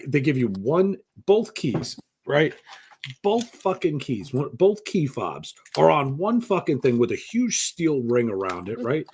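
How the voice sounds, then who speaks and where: A man's voice: a little high, a little hiss or hum. A middle-aged man co-hosting a podcast, telling crude everyday stories full of swearing and acted-out quotes. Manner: profane, animated, acts out quoted voices. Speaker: podcast co-host. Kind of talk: crude casual storytelling.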